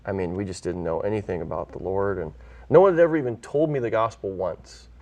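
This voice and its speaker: A man's voice: sits low, fast talker, darkish tone, far from the mic. A man from California, a pastor who is a guest on an interview show, earnestly telling his own story and acting out the voices he quotes. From California, USA.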